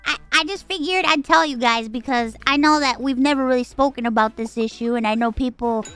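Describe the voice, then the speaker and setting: A woman's voice: sits high, fairly quick, a bit bright, soft background music. A woman streamer in casual livestream chat, bubbly, jumping between squeals and mumbles.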